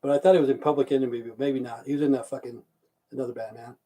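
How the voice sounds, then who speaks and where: A man's voice: medium pitch, fairly even intonation, very fast, dark tone. A man from Idaho hosting a live stream, chatting casually, swearing often and answering viewers' chat messages aloud. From Idaho, USA.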